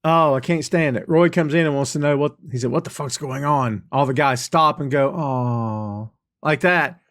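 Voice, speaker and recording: A man's voice: a little high, normal speed, fairly bright tone, no echo, studio quality. A man chatting casually as a podcast co-host, enthusiastically retelling scenes. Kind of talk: casual review chat.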